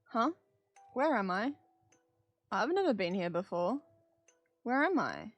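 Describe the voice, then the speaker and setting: A woman reading the lines of a vain, jumpy young male actor from a game, excitable and jumping high when startled. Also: takes it slowly, no echo, dull audio, faint music behind. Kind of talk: dramatic game dialogue read aloud.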